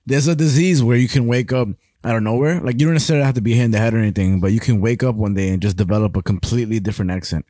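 A man's voice: medium pitch, rapid-fire, hardly any pauses, warm tone, no room sound, clean studio sound. A man co-hosting a podcast in casual, joking chat, swearing freely and laughing often, his voice sounding a little tired. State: low-energy, tired-sounding voice. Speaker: podcast co-host.

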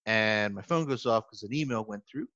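Speaking at a moderate pace in a fairly low voice, a pastor co-hosting a podcast spins an animated story in casual chat, laughing often and restarting himself. The audio is dry, slightly muffled, and echo-free.

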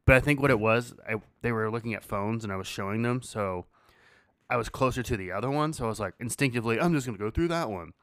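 A man's voice: mid-range voice, fast talker, fairly bright tone, no echo, studio quality. A man hosting a podcast, casually telling a story, swearing freely and laughing as he goes. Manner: laid-back, swears freely, laughs through his story. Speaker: podcast host.

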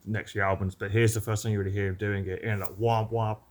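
A British man with a low voice explains the music with clear enthusiasm. He keeps it casual and chatty, stopping to pick his words. This is a relaxed podcast talk. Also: fast. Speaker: podcast co-host. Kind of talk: casual chat.

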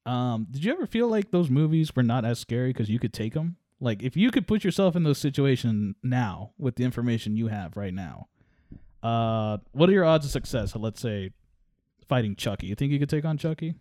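A man's voice: medium pitch, fairly quick, no room sound, studio quality. A man back as a podcast guest, telling funny stories and laughing along in casual chat. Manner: animated storyteller, laughs at his own tales.

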